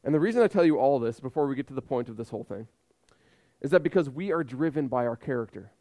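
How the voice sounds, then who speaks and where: A man's voice: mid-range voice, lively intonation, fast talker, warm tone. A man in his thirties preaching a sermon with emphatic repetition and rhetorical questions. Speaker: pastor.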